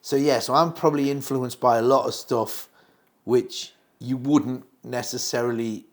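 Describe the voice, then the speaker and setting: A man, a comedian guest, chatting casually and telling stories with animated, quick asides. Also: medium pitch. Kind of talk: casual chat.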